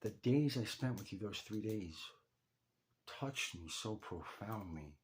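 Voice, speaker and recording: A man's voice: lowish voice, expressive, takes it slowly, a little hiss or hum. A young man speaking directly to his late father, telling a raw, emotional story of his parents' funeral and swearing freely. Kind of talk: emotional personal monologue.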